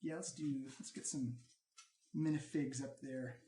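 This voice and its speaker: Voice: medium pitch, fairly even intonation, measured pace, mellow. Game master narrating a dice game. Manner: narrates action and calls for dice checks. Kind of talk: running a tabletop game. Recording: roomy table recording with clear background noise.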